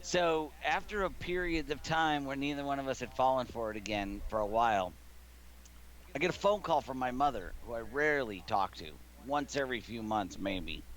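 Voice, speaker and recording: A man in his thirties streaming from his living room, telling a long, meandering story at a relaxed pace. His voice sits in an ordinary middle range, and he laughs between lines. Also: medium pitch, a little hiss or hum. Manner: rambling anecdotal storyteller, laughs often. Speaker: gaming streamer. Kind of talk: casual stream chat, storytelling.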